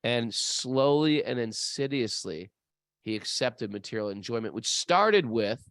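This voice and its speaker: An animated man spins a story in casual conversation. His pitch leaps up and down as he acts out the characters. The sound is dry and close. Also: measured pace, no echo. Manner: animated storyteller, acts out voices in high falsetto. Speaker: podcast co-host.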